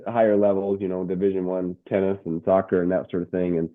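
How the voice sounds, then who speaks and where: A middle-aged man, a motivational speaker and coach, telling his story as an interview guest, animated and restarting his words often. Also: deep voice, fast talker. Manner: animated, stumbling restarts and word repeats. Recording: tinny phone-like line.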